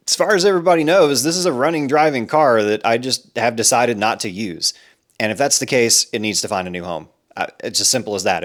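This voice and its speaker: Rambling low-voiced man. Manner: rambling, self-deprecating, laughs at himself. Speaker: car vlogger. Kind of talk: casual talk to camera.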